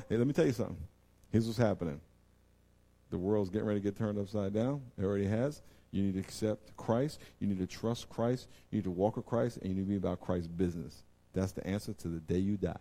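Emphatic preacher man, loud to hushed. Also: lowish voice, expressive, a little fast. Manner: emphatic, swings between loud exclamations and quiet intensity; repetitive, direct address to the audience. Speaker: pastor. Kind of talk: preaching a sermon to a congregation.

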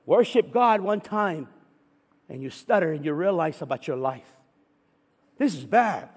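A man's voice: a little high, animated, a little slow, long pauses, breathy edge. A man preaching a sermon, telling a story and reading scripture aloud with rising fervor. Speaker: pastor. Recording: echoey hall with long reverb.

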